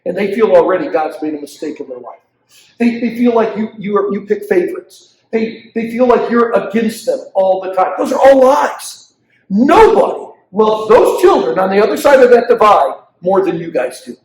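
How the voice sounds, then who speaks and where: An older man teaching parents as a pastor, animated and acting out quotes from children and parents, in a church hall. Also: high-pitched, normal speed, recorded from a distance. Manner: animated preacher who acts out quotes of kids and parents. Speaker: pastor leading a parenting session.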